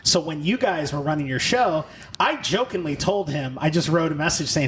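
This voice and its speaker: A man hosting a podcast, telling stories in a lively, laughing way. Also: a little high, brisk, slight background noise. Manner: animated storyteller, laughs often. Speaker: podcast host. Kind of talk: casual interview chat.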